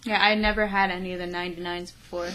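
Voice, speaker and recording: A woman's voice: fairly low pitch, level tone, quick pace, a bit bright, poor audio. A woman co-hosting a podcast in casual chat, laughing easily and teasing her co-host with wry asides.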